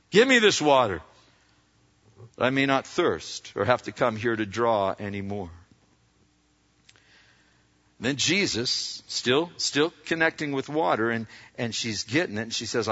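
A man with a bright, forceful, medium-pitched voice preaches a sermon in a loose, conversational style, acting out the lines of the people he describes. The pastor uses slang and quoted dialogue casually. The recording sounds dull, with long hall reverb.

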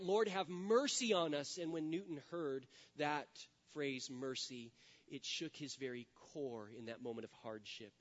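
A man's voice: a little high, fairly bright tone. A man preaching a sermon in a church, telling a story in an earnest way. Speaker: pastor. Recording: dull sound with long hall reverb.

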